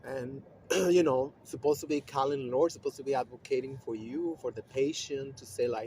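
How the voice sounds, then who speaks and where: A man speaking in a loose, rambling monologue with a steady stream of fillers and swearing. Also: medium pitch, moderate pace, slight background noise. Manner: rambling, profane, with frequent fillers and laughs. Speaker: vlogger. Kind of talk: casual monologue.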